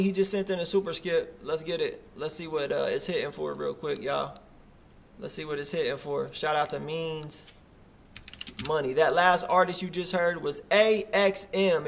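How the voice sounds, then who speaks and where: High-voiced man hyping a music review show. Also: vocal fry, fairly bright tone, a little hiss or hum. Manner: casual slangy hype talk. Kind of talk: live music review commentary.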